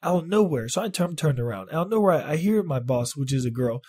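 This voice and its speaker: A man vlogging, telling a story in casual, profane talk, animated and exaggerating. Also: fairly high pitch, fast, slightly rough. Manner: animated, swears a lot, exaggerates.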